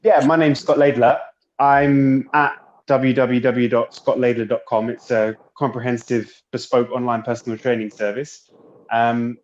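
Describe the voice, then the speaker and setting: A man's voice: mid-range voice, dull audio. A man, a personal trainer, speaking plainly and instructively as a guest over a video call. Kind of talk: casual guest chat.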